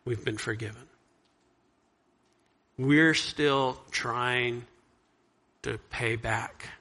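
Bright-voiced preaching man. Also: fairly high pitch. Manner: earnest preaching, rising loud on scripture, dropping soft on reflection. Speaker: pastor. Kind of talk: sermon.

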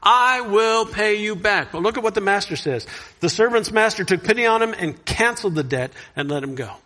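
A man preaching a sermon, earnest, reading scripture loudly and dropping soft to reflect. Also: high-pitched, lively intonation, quick pace. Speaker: pastor.

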